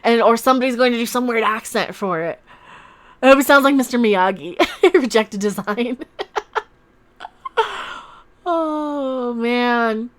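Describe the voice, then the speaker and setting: A woman hosting a casual livestream, commenting in a sarcastic, mocking way, laughing often and swinging between loud outbursts and mutters. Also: a little high, fairly quick. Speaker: YouTube channel host.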